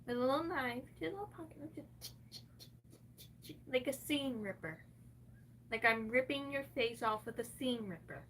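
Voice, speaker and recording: A woman's voice: high voice, expressive, moderate pace, pauses often, a bit bright, far from the mic, slight background noise. A distressed woman ranting on a livestream, cursing heavily and talking in an agitated, unscripted way.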